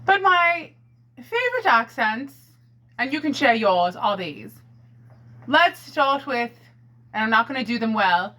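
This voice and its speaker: A woman from Brooklyn, doing a theatrical, rambling comedy monologue into a handheld karaoke microphone with an echo, calling her viewers "my friends" and "ladies and gentlemen.". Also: sits high, sing-song, takes it slowly, pauses often. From Brooklyn, New York. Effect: karaoke mic echo. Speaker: comedy vlogger.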